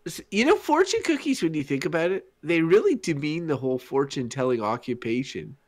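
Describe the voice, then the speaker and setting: Deadpan guy rambling on a podcast, pitch all over the place. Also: brisk. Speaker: podcast co-host. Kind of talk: casual chat.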